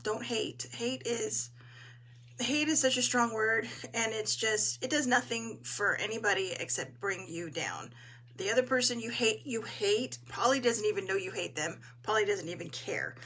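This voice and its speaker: A woman hosting a casual live talk, her voice hoarse as she chats in an encouraging way and greets viewers. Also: on the high side, normal speed, pushed and bright. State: hoarse, clearing her throat. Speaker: host.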